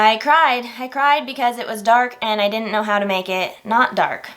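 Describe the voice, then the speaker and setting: A woman vlogger telling stories to the camera in a casual, animated, expressive way. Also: on the high side, normal speed, hardly any pauses.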